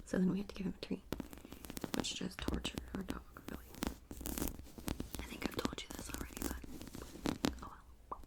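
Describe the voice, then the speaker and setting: A young woman rambling in a soft-spoken ASMR style, slipping often into a whisper, at home in her apartment. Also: fairly low pitch, monotone, brisk, pauses often, low-quality recording. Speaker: ASMR creator. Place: apartment room. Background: faint tapping and scratching clicks.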